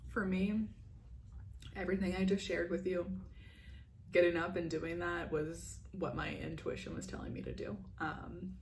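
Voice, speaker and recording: A young woman talks through a guided meditation and morning chat in a soft, rambling manner, a little nervous. Her voice sits a touch low with a gravelly fry at the ends of phrases. Faint background hiss runs under the recording. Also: lively intonation, moderate pace. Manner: soft-spoken, rambling, nervous, with frequent fillers and laughs. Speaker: vlogger leading meditation and oracle card chat.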